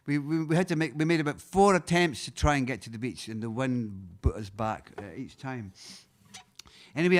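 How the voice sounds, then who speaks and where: A Scottish man, a singer-songwriter, telling a rambling, halting story between songs, chuckling often. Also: medium pitch. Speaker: singer-songwriter introducing a song.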